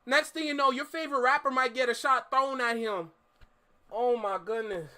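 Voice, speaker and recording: An excitable man hosts a music reaction, his voice pitched very high with a sharp, bright edge. He lingers on his words rather than rushing, and his casual commentary keeps spilling into shouts and laughs. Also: smooth.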